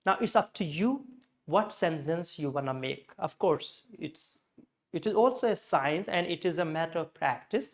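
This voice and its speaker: A man's voice: a little high, expressive, moderate pace. Man methodically teaching English pronunciation. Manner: methodical, explains step by step. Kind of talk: spoken lesson.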